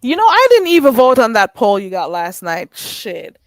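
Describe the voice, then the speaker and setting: Animated gossiping woman stream host. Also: a little high, dry recording. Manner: animated and gossipy, with frequent drawn-out "ooh"s. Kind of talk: casual gossip chat, reading out viewer comments.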